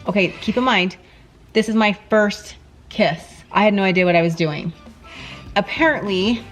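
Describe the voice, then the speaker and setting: Laughing mom telling stories in a car. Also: female voice, rough recording. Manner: animated, laughing, quotes herself in high voice. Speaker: mother answering questions. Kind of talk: casual storytelling chat. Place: parked car in a garage.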